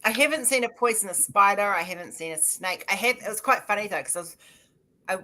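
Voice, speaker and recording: A woman's voice: mid-range voice, fast talker, sharp tone, poor audio. An Australian woman hosting a live art stream, chatting casually and telling rambling stories with plenty of laughter. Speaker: live stream host and artist. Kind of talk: casual chat.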